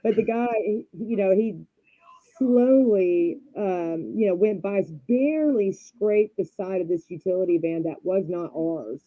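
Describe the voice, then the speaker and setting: A woman's voice: medium pitch, unhurried, no room sound. A woman tells a long, winding story in a casual chat, acting out every line of dialogue. Her voice sits in the middle range. The sound is dry and a little dull, like a live stream mic. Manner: rambling, animated, acts out quotes. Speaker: podcast guest.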